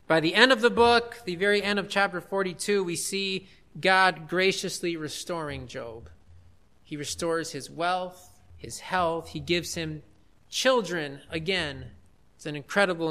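A man preaching a sermon, reading scripture aloud and building to loud, emphatic declarations. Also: on the high side.

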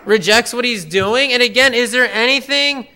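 Guy preaching, high bright voice, clear, hammers his points over and over. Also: normal speed. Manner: emphatic, repeats phrases for stress. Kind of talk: expository sermon.

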